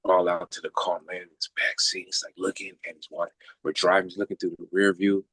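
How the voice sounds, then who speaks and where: With a deep, breathy-edged voice and a brisk delivery, a man tells a long personal story in casual talk; there's no room sound. He's animated, swears freely, and voices the people he quotes.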